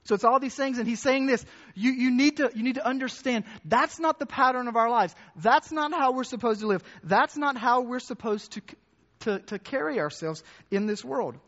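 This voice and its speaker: A man with a fairly high voice preaches in a loose, conversational way, circling back over his words and putting questions to the congregation. The recording is muffled and carries the long echo of a church hall. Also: moderate pace, a bit bright. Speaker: pastor. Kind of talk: sermon.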